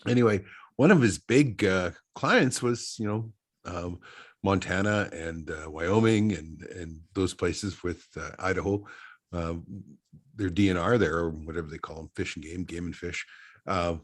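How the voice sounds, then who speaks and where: A man's voice: low voice, a little slow. A man hosting a casual podcast chat, telling rambling stories and laughing at his own punchlines. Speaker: podcast host.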